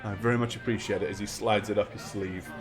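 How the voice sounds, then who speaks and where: Man as hesitant formal waiter, soft, apologetic. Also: fairly low pitch, fairly even intonation, fast talker, over music, voice pushed down, lightly acted. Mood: deferential. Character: polite deferential male club waiter.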